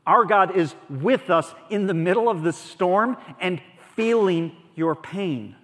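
A man's voice: high voice, lively intonation, slow. Earnest preacher man in a reverberant hall. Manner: earnest, conversational preaching that swings between soft and emphatic. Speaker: pastor. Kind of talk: sermon. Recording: long reverb of a large hall.

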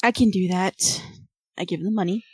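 A woman playing a tabletop game, chatting excitably and swearing often. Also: mid-range voice, brisk, husky, no room sound. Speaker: player. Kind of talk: casual game chat.

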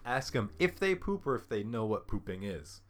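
A man's voice: on the low side, very animated, normal speed. A man in casual chat, laid-back and slangy, breaking into laughter often.

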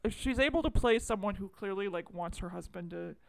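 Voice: medium pitch, brisk, vocal fry, no echo. A podcast co-host in casual movie-review chat who rambles, runs themselves down and swears freely.

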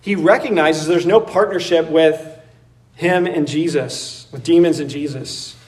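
Man, pastor, sermon, high voice, casual, lively, heard from a little distance. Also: a little slow. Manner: conversational, animated, acts out voices with laughs. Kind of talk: expository sermon.

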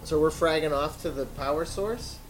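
A man's voice: on the high side, normal speed, soft background music. A man playing in a tabletop game, joking and teasing the other players.

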